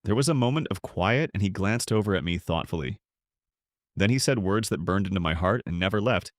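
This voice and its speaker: Low-voiced man reading a devotional audiobook. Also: animated, dry recording, clean studio sound. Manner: measured, reflective storytelling. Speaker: pastor reading his own book. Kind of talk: scripted audiobook narration.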